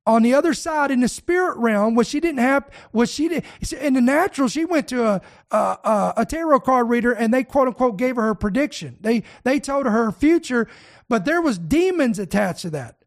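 An older preacher hosting an online talk show, telling stories with animated emphasis, often repeating words and calling the listeners "guys.". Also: medium pitch, moderate pace.

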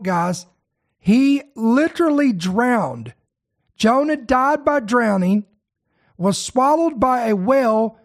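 A man preaching a sermon, reading scripture aloud and breaking in to address his listeners directly, slowing down to stress key words. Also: high-pitched. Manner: slows to stress key words, then speeds up.

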